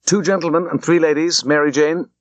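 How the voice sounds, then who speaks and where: A man's voice: lowish voice, sing-song, slow pace, dry recording, highs cut off, full character voice. A man voicing a fussy, anxious older aunt who calls out insistently. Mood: fussing. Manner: fretful, insistent.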